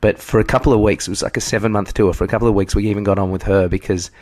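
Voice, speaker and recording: A man in his thirties, from Australia, trades teasing banter on a casual podcast. His voice sits fairly low. He cuts in with wisecracks and mock questions. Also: fairly even intonation, racing, a little mellow. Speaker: podcast co-host.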